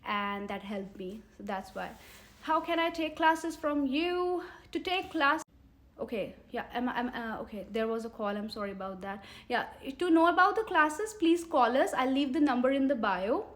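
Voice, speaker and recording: A woman's voice: high-pitched, expressive, a bit bright. A woman in her thirties with an Indian English accent, coaching English learners on a live stream, coaxing viewers and reading their comments aloud. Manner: earnest, coaxing, repeats questions to viewers; pauses to read and answer viewer comments. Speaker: English teacher.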